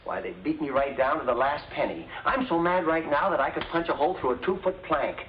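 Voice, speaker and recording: An actor playing a hot-tempered middle-aged father in a 1950s sitcom, gruff and explosive. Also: fairly high pitch, expressive, a little fast, a little hiss or hum, natural voice. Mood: grumbling. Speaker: father, businessman. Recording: dull lo-fi 1950s TV audio.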